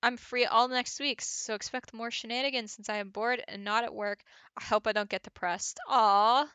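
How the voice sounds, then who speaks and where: A woman's voice: medium pitch, bright, forceful tone, clean tone, no room sound. A woman streaming a game from home, chatting casually with viewers and reading game text aloud with little laughs.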